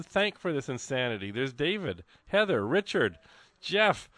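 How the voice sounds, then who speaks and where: A man hosting a live radio fundraiser, chatting in an excitable, rambling, jokey way from a studio. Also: medium pitch, measured pace, no room sound. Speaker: radio host. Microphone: studio microphone.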